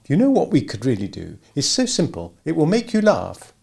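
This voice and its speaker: A man voicing a stern, earnest teenage girl in a novel, raising his pitch. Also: huge pitch swings, brisk, vocal fry, a little mellow, breathy edge, full character voice.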